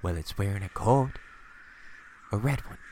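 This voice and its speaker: A man's voice: on the low side, expressive, unhurried, darkish tone, a little hiss or hum. A man voicing his exasperated, impatient middle-aged wife in a spoken story. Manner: nagging, impatient.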